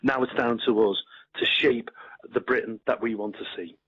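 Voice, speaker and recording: A man's voice: medium pitch, fairly even intonation, slightly rough, no echo, lo-fi sound. A man with a Scouse accent, a political guest giving a live radio interview, confident and combative, a bit giddy. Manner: confident, combative, quick-talking with restarts.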